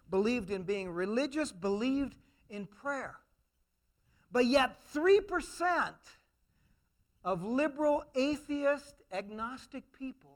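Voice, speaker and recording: A man preaching a sermon, emphatic, swinging between loud declarations and hushed asides, mimicking others in mocking quoted voices. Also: sits high.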